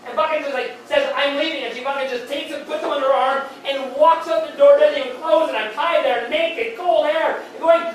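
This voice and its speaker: A man's voice: very high-pitched, steady tone. Rambling male stand-up comic in an echoey hall. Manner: rambling, halting delivery with many restarts and fillers. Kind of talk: stand-up storytelling. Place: beer hall comedy stage. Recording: very echoey hall, distant mic, faint noise.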